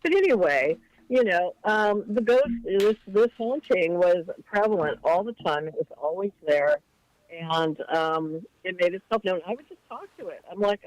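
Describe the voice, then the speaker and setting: A woman's voice: lowish voice, normal speed, rough recording. Chatty woman caller telling a story. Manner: chatty, animated when quoting others. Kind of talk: late-night call-in storytelling.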